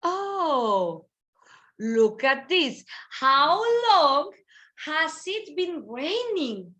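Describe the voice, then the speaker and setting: A woman with a high, bright voice teaches English grammar over a video call. She takes her time, repeating key phrases patiently and drawing out exclamations for emphasis. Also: big pitch swings, drawn-out words. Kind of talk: online grammar lesson, switching between English and Spanish.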